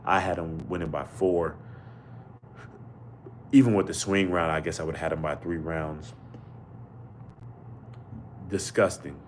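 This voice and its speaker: A man's voice: low voice, fairly even intonation, a little slow, pauses often, slight background noise. A man hosting a live boxing podcast chat, outraged and slangy, repeating his exclamations. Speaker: podcast host. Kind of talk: live fight commentary chat.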